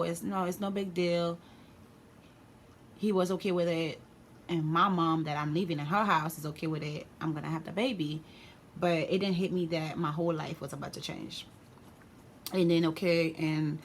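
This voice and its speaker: A woman's voice: low voice, fairly bright tone, slight background noise. A woman vlogger telling a personal story in a candid, slangy, casual way.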